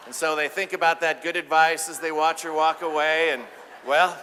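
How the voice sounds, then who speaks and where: A man giving a live keynote talk, playful and joking, getting the audience to shout out answers. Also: fairly high pitch, steady tone, normal speed, slight background noise. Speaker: keynote speaker. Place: large event hall with audience. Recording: live hall with reverb.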